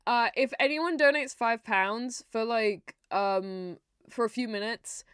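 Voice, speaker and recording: A woman's voice: fairly high pitch, slow, fairly bright tone, clear, resonant tone, dry recording, clean studio sound. A young woman from the UK streaming a game, chatting and giggling as she rambles and reads the on-screen text. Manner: giggly, rambling, chatty with frequent laughs and restarts. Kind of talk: casual live-stream chat and game text reading.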